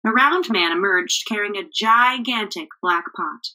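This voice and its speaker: A woman teacher reading a picture book aloud to children in a clear, expressive storytelling manner. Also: mid-range voice, unhurried, low-quality recording.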